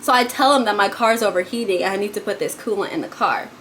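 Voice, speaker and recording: A woman telling a personal story in a casual storytime vlog, chatty and dramatic, calling the viewers y'all and swinging between loud and hushed. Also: mid-range voice, fast, a little hiss or hum. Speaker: vlogger.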